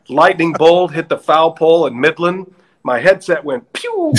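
A man with a high, very lively voice that swings up and down as he tells stories in casual chat. He laughs often and jumps into a raised voice when acting out quotes. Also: unhurried, a little hiss or hum, low-quality recording. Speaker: guest, former baseball broadcaster.

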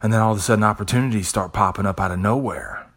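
A man's voice: fairly low pitch, racing, fairly bright tone. A man hosting a podcast, giving a profane, preachy motivational monologue. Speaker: podcast host.

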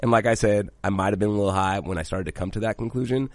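A man co-hosting a podcast talks in an animated, casual way and swears freely. His voice sits a little low, and the recording is dry and close. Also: fast talker, no room sound. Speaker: podcast co-host. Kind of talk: casual chat.

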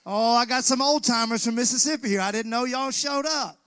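A man's voice: very high voice, brisk, bright, forceful tone, clear, resonant tone, no room sound. A man preaching a sermon as pastor in a church, calling out to the congregation and asking them to answer back. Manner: preaching with call-and-response to the congregation. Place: church sanctuary.

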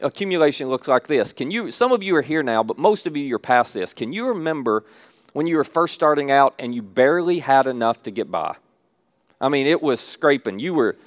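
A man preaching a sermon, telling stories with animated acted-out asides. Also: a little high, dry recording, clean studio sound. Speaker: pastor.

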